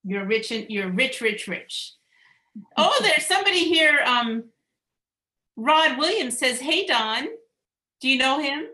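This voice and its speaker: A high, lively woman's voice with a bright edge, hosting an online show over a video call. She sounds bubbly and trips over her words now and then. The room around her is echoey. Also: takes it slowly, long pauses. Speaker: host.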